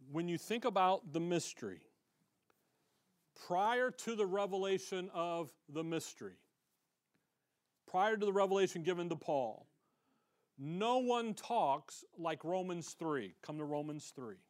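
An American man preaching a sermon, reading scripture loudly and dropping to quiet, conversational asides. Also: sits high, expressive, slow, long pauses. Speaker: pastor.

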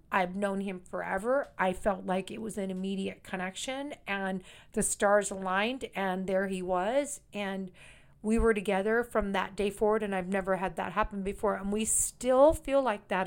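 A woman chatting on a podcast, her voice at an ordinary middle pitch. She tells stories in a rambling, emphatic way and stresses her words by repeating them. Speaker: psychic medium guest. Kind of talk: casual podcast chat.

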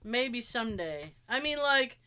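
A woman in her forties co-hosting a casual chat show, telling animated family stories with plenty of swearing and acted-out quotes. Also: on the high side, unhurried, smooth. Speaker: podcast co-host.

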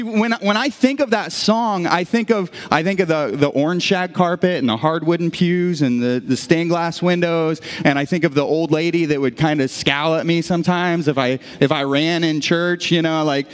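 A man's voice: sits high, big-room sound. A man preaching a sermon as pastor in a church auditorium, telling stories with frequent restarts. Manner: animated storytelling with frequent restarts.

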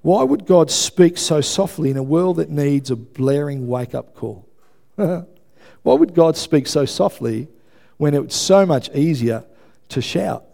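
In church, a male pastor delivers a sermon in a gravelly, expressive voice on the high side, at a slow pace. His emphatic preaching swells to loud passages as he repeatedly calls on the congregation to respond.

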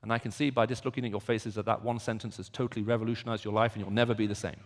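A man's voice: on the low side, little pitch movement, rapid-fire, slight background noise. Man preaching in a reverberant hall. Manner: builds from quiet reflection to loud, emphatic repetition. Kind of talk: sermon.

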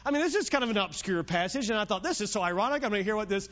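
A man with a notably high voice preaches an evening sermon, chatty and fond of jokes. He retells the story in his own easygoing words. The recording is dull and lo-fi, as if taped in a church. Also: animated, rapid-fire, a bit bright. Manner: conversational, joking storyteller.

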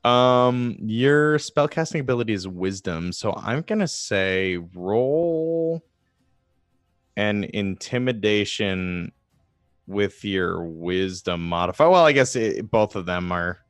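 Dude dming a tabletop game, smooth clear voice, dry close sound, lots of ums. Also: male voice, on the low side, animated, takes it slowly, no echo, soft background music. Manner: hesitant, thinking aloud with many ums. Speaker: dungeon master.

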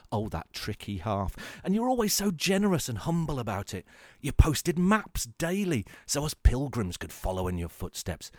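A man hosting a spoof hospital radio show, delivering a sarcastic comic monologue with deadpan mock-grand phrasing. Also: mid-range voice, dry recording, studio quality. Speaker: host of a comedy radio show.

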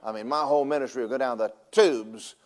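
A man preaching a sermon as pastor, animated and humorous, swinging between loud preaching and hushed asides. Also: medium pitch, a little fast. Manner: humorous storytelling, laughs at own jokes.

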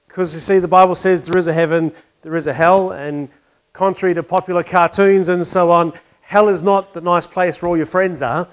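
A man preaching a conversational sermon, asking questions and telling a wry joke. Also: high voice.

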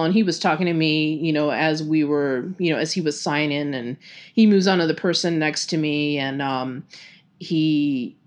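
A woman with a Texan accent telling fan stories on a casual podcast, chatty and full of fillers and laughs. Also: low-pitched. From Texas. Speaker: podcast host.

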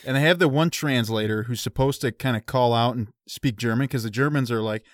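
A man's voice: medium pitch, brisk, no room sound, clean studio sound. A man co-hosting a podcast, casually filling in movie plot details and asides. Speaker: podcast co-host. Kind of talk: casual movie recap chat.

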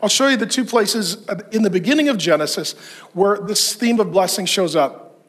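Emphatic high-voiced male preacher. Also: moderate pace. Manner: emphatic, rhetorical questions, lists. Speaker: pastor. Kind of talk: sermon to men.

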